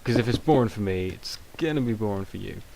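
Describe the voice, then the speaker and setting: A man's voice: on the low side, expressive, quick pace, vocal fry. A young British man giving rambling, self-mocking casual gameplay commentary, with many ums. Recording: noisy home recording.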